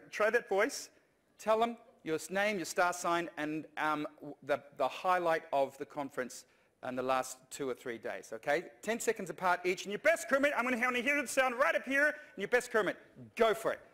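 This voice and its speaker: Brief: upbeat male keynote speaker, fairly high voice, joking and urging the crowd on. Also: a little fast. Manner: lively, jokey, coaxing the audience. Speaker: conference speaker. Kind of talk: humorous keynote talk.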